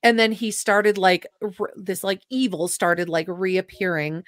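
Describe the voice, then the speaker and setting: A woman's voice: medium pitch, a little slow, no room sound. Woman telling her story, dry close sound. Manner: earnest, emotional retelling with quoted dialogue. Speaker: podcast guest. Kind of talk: personal storytelling in an interview.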